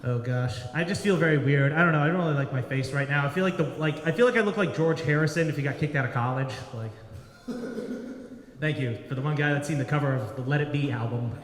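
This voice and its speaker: A man doing a rambling, self-deprecating stand-up set at an open mic, now and then breaking into shouty bits. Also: a little high, fast. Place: brewery bar with live audience. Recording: roomy bar with long reverb.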